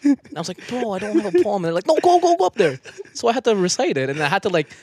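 A man's voice: high voice, rapid-fire, slightly rough, no echo, studio quality. A young man co-hosting a podcast, chatting casually and laughing often. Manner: laughs often, animated slam-poem delivery. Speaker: podcast co-host. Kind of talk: casual chat.

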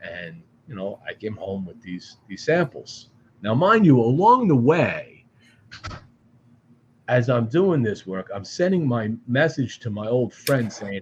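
A man from the Boston area, a podcast guest telling a long story in an animated, profane way with frequent restarts. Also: mid-range voice, a little slow, dull audio, a little hiss or hum. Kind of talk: casual storytelling. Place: studio.

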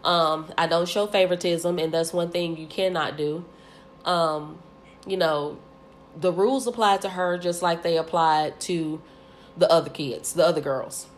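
A woman's voice: fairly low pitch, fairly even intonation, measured pace, a little hiss or hum. A woman in her forties talking as a co-host, earnest and emphatic, repeating words and using many fillers. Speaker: co-host, cheer coach and mother. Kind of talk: casual podcast discussion.

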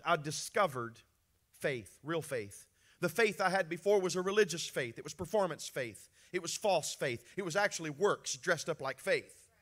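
A middle-aged male pastor preaching a sermon, swinging between soft, confiding talk and emotional outbursts. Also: high voice.

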